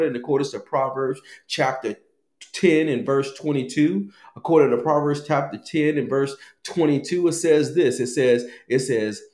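A man's voice: medium pitch, normal speed, darkish tone. A male pastor delivering a sermon, repeating phrases for emphasis and calling the congregation to speak to their neighbors. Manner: emphatic, repetitive preaching with calls to the congregation. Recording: echoey room.

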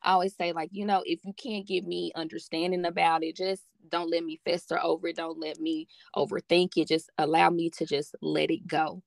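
Gravelly low-voiced woman, earnest. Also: flat delivery, fairly quick, few pauses, no room sound. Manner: earnest, encouraging, repeats phrases for emphasis. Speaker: podcast guest. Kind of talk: casual heartfelt chat.

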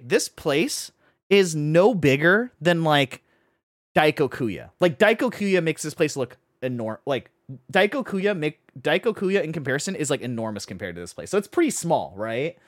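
A man telling a long story in casual chat, animated, acting out his friends' voices and filling his talk with "like" and "right?". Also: on the high side, dry recording, clean studio sound. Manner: fast, full of "like" and "right?".

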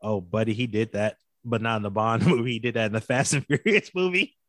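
A man in casual conversation as a podcast co-host, animated and opinionated, laughing often. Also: fairly low pitch, brisk, no room sound. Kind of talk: casual chat.

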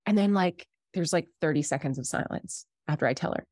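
A woman in her thirties tells a personal story with lively, animated energy, putting on voices for the people she quotes. Her voice sits low for a woman. The sound is close and dry, with no room echo. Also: brisk. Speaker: podcast guest, Reiki healer. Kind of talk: casual storytelling.

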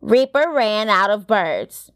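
A woman voicing a prickly teenage girl with a gruff voice who answers in curt, blunt lines. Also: mid-range voice, animated, slow, no room sound. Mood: sullen.

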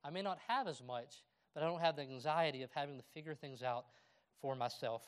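Middle-aged man, pastor preaching, slightly high voice, reads verses aloud. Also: fairly quick, smooth. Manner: reads scripture aloud, then tells stories with a laugh. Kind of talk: sermon.

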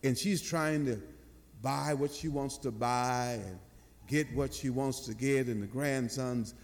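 Older preacher telling a story, slow, swoopy high voice, echoey church hall. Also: male voice. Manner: animated storyteller, slow and drawn-out. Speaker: pastor. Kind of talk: sermon.

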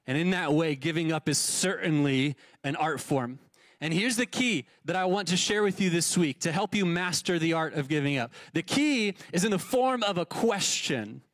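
A man with a notably high voice preaching in a church, speaking casually and often stumbling over repeated words. The sound is dry and close. He throws rhetorical questions at the congregation as he goes. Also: expressive, normal speed, fairly bright tone, no room sound. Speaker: pastor. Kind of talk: sermon. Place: church sanctuary.

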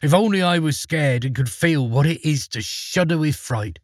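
A man's voice: a little high, expressive, normal speed, no room sound, studio quality, pitched above the performer's own voice. A man voicing a naive, fearless young man in a storybook reading, speaking in an earnest, plain way.

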